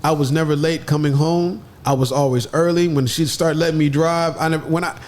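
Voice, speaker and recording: A man telling a story in an animated way, with lively jumps in pitch as he acts out other people's voices. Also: fairly quick. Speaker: podcast guest.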